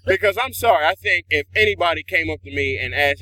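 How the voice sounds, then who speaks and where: Animated male co-host, bright high voice, casual banter. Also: fast, a little hiss or hum, rough recording. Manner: animated, joking storyteller. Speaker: podcast co-host. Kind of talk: casual chat.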